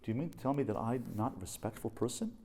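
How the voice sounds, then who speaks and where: A man voicing his middle-aged wife as easily offended, asking hurt, hushed questions. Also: mid-range voice, animated, fast talker, a little hiss or hum, lightly acted. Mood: indignant.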